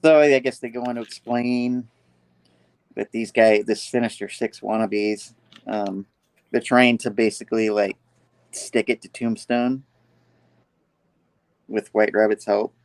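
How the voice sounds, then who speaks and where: A man's voice: fairly low pitch, steady tone, a little slow, long pauses, no echo. A man recapping a comic book issue in casual chat, rambling with lots of "like" and "you know.".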